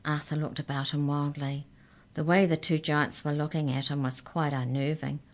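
A woman reading a children's storybook aloud in a gentle, expressive narrating voice. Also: deep voice, moderate pace.

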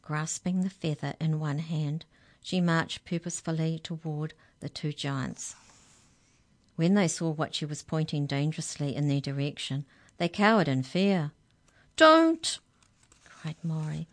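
A woman storyteller reading a children's story aloud in a measured, expressive way. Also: low voice.

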